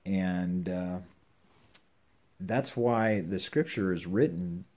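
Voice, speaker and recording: An older man giving earnest, measured advice on scripture to his children and grandchildren at home. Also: low-pitched, darkish tone. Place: home with a puppy nearby.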